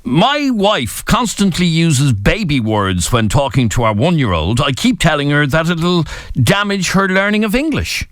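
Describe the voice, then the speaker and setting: A man hosting a radio talk show, speaking in a relaxed way with hesitant pauses. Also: fairly high pitch, no room sound.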